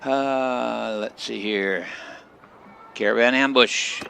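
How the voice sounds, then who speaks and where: A man's voice: medium pitch, takes it slowly, creaky, sharp tone, a little hiss or hum. A man streaming a game and giving casual commentary, with rambling, chatty asides.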